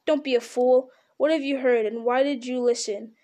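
A woman voicing a stern, commanding old male wizard who is gruff but kindly underneath. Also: sits high, steady tone, moderate pace, warm tone, close to an everyday voice. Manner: grim, commanding.

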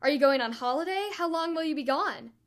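A woman's voice: sits high, animated, fairly quick, voice pushed up. A woman reading the lines of a young boy who sounds blunt and a little cross as he asks questions. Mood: questioning.

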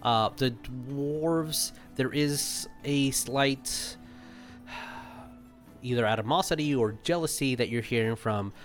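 A man narrating a tabletop game as game master, pausing often with ums and uhs. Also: mid-range voice, faint music behind. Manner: halting, many ums and uhs.

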